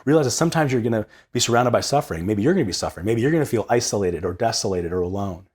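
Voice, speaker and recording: A man's voice: fairly low pitch, rapid-fire, husky. A young man hosting a casual reflection on the Sunday readings. He talks with energy and often repeats words as he gets going. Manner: energetic, conversational, repeats words when excited.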